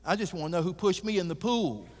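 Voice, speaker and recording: Out-of-breath old boy played by a preacher, pitched up, in a reverberant hall. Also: big pitch swings, quick pace, a little mellow. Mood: indignant. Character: winded man just pulled from a shark pool. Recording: reverberant church sanctuary.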